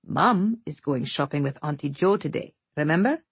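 A woman voicing an easygoing father talking to his young daughters, relaxed but able to be firm. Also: sits low, normal speed, gravelly, slightly rough, no room sound, exaggerated voice. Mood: fatherly. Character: easygoing family dad, gentle but firm.

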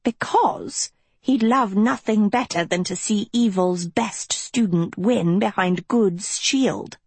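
A woman voicing a stern, commanding female evil teacher who speaks in a cold, menacing, forceful way. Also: medium pitch, takes it slowly, slightly rough, dry recording.

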